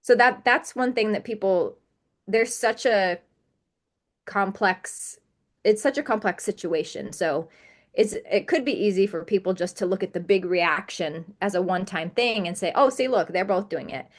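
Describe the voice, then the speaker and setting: A woman speaks as an interview guest at a steady, middle pitch. She is earnest and emphatic and stacks up repeated words to drive her points home. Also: moderate pace. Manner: earnest and emphatic, piling up repetitions. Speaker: podcast guest. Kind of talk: candid interview conversation.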